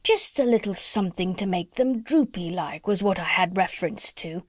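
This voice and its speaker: A woman's voice: lowish voice, animated, moderate pace, dry recording, clean studio sound. A woman voicing a pushy working-class butcher in a storybook reading, wheedling and dropping letters.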